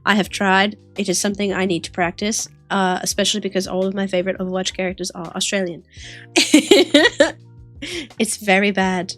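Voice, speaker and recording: A woman's voice: medium pitch, normal speed, a bit bright, soft background music. A woman streamer chatting casually with her viewers while drawing, giggly and teasing. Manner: giggly, playful, teasing banter.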